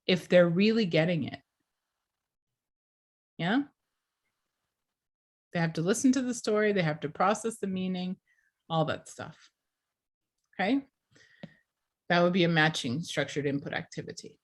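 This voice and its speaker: Woman teaching a class, clear and deliberate. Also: lowish voice. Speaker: teacher trainer. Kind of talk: class lecture.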